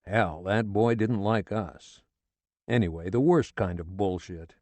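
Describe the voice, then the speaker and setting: A man's voice: lowish voice, unhurried, a little mellow, dry recording. A man narrating a novel in the first person, with a sardonic, coarse-edged delivery. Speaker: audiobook narrator. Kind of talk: scripted literary narration.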